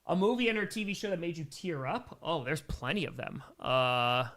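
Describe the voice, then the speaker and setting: A man's voice: fairly high pitch, lively intonation, moderate pace, fairly bright tone. A man hosting a casual livestream Q&A, rambling enthusiastically through his answers and thanking donors along the way. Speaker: livestream host answering viewer questions. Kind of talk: casual chat.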